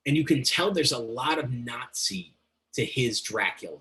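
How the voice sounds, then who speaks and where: Rambling, excitable man talking as a guest. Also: mid-range voice, normal speed. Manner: rambling, enthusiastic, swears freely. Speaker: guest, metal journalist. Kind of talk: casual interview talk.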